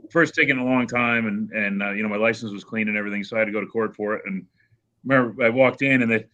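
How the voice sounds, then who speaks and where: A man talks fast with a bright, forceful voice. He tells a story with animated energy and acts out the people in it. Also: on the low side, highs cut off. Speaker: car show host. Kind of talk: casual storytelling chat.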